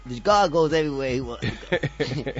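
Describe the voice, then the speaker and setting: A man hosting a casual radio show, talking loose and slangy, laughing often and getting excited. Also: mid-range voice, a little fast. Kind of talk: casual chat. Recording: dull lo-fi sound with faint music.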